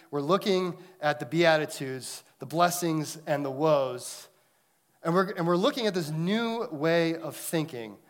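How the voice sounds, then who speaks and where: A man in his thirties preaching a sermon, telling a family story conversationally and swinging between loud and hushed delivery. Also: a little high. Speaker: pastor.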